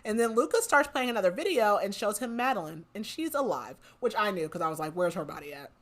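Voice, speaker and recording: A woman's voice: mid-range voice, animated, quick pace. Chatty woman recapping a story. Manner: chatty retelling with quoted lines and laughs. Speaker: book podcast host. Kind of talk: casual plot recap.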